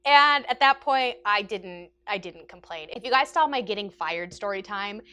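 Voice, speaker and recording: A woman vlogger telling a casual, self-mocking story with animated delivery and frequent laughter. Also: medium pitch, moderate pace, clean tone.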